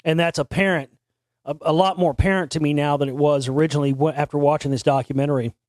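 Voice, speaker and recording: A man's voice: a little high, steady tone, quick pace, a little mellow, no echo, studio quality. A man hosting an internet talk show, telling a long story in a rambling, casual way with frequent restarts and casual swearing. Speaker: podcast host.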